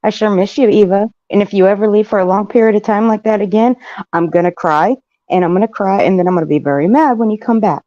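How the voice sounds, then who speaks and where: A woman's voice: mid-range voice, quick pace, warm tone, dry recording. A woman co-hosting a casual livestream chat, affectionate and blunt, swearing casually. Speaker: livestream co-host. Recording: dull, dry stream audio.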